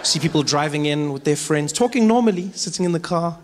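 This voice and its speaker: A South African man telling stand-up stories in an animated way, slipping into voices. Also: fairly high pitch, a little fast, background noise. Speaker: comedian. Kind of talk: stand-up storytelling.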